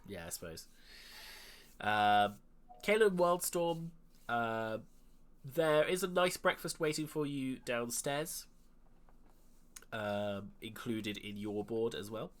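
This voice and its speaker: A man running a tabletop game as dungeon master, narrating in a relaxed way with many fillers and restarts. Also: lowish voice, slow, long pauses.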